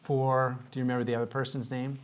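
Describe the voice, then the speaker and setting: A man's voice: mid-range voice, level tone, quick pace, slight background noise. A man teaching a grammar lesson to young students, patiently asking questions and coaxing answers.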